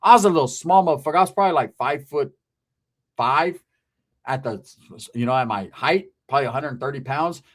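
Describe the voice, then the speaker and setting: A man's voice: medium pitch, fast. A man from California telling a story in a casual, profane way, acting out other people's voices. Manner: profane, animated, acts out quoted voices. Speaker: guest recounting his past.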